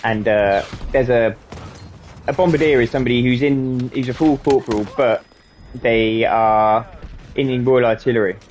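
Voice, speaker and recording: A man's voice: mid-range voice, fairly even intonation, moderate pace, darkish tone, slight background noise. A young man swearing freely and laughing as he tells rambling stories while gaming. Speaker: gaming channel host. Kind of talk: casual storytelling while gaming.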